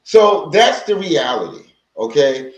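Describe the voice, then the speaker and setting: Animated man livestreaming in an echoey room. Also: a little high, takes it slowly. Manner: rambling, conversational, with many restarts; greets viewers from the chat. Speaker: livestream host on healing from narcissistic abuse. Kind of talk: casual livestream talk. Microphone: livestream microphone.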